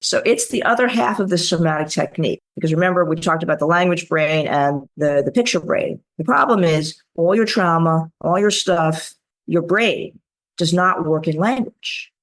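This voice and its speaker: A woman's voice: lowish voice, moderate pace. Theatrical woman telling a story. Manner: lively, theatrical, acts out voices in her anecdotes. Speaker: guest, author and creativity coach. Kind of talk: animated storytelling in a podcast interview.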